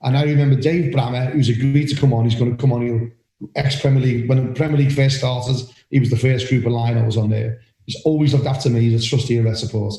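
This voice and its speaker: Older Scouse bloke, loud and rambling, mellow tone, roomy podcast mic. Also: male voice, medium pitch, steady tone, fast talker. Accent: Liverpool (Scouse). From Liverpool, England. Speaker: podcast co-host, referee. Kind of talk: casual chat.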